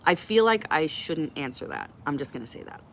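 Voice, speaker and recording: A woman's voice: sits low, very animated, a little fast, creaky, fairly bright tone, slight background noise. A middle-aged woman hosting a casual live Q&A, chatty, blunt and joking as she reacts to comments from her viewers. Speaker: livestream host answering chat.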